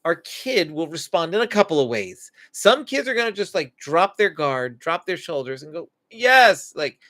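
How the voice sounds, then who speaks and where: A man's voice: on the high side, moderate pace. A man hosting a live stream as a Christian parenting coach, teaching earnestly and acting out what parents and children say. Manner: animated, acts out quoted parent and child lines; earnest, instructive.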